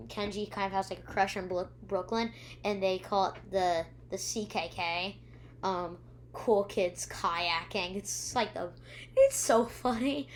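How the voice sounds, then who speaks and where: Young woman, casual show recap, rambling with frequent ums, mid pitch, faint hum behind. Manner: rambling, many ums, mimics sounds and quotes characters. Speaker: YouTube reviewer. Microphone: own camera.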